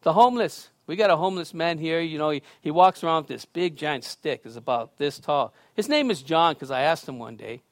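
High-pitched preacher, loud swells and quiet asides. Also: male voice, expressive, a little fast, hardly any pauses, no echo, clean studio sound. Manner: conversational storytelling with laughs. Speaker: pastor. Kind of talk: sermon.

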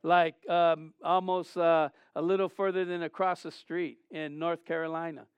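A man delivers a sermon with a high, clear, smooth voice. He preaches conversationally, telling stories animatedly and often restarting his phrases. The sound is dry, with little room echo. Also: flat delivery, moderate pace, dull audio. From Southern California. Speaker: pastor.

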